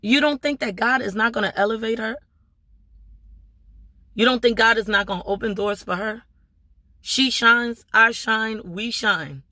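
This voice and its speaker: A woman's voice: on the high side, measured pace, long pauses, pushed and bright, no echo, clean studio sound. A woman from Maryland with a local accent, giving an impassioned motivational talk to her viewers, emphatic and full of rhetorical questions. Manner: preachy, emphatic, repeating rhetorical questions with "right?". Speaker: small business owner and vlogger.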